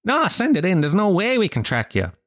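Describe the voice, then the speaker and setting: A man voicing sarcastic male FBI agents, putting on a squeaky, falsely reassuring tone. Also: huge pitch swings, fairly quick, a bit bright, no echo, clean studio sound, full character voice. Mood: mock innocent. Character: sarcastic high-voiced male FBI agents, mock-innocent.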